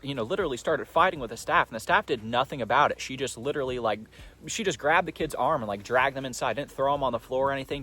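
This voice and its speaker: A man's voice: medium pitch, fairly bright tone. A young man rambling through a casual storytime monologue, profane and full of fillers.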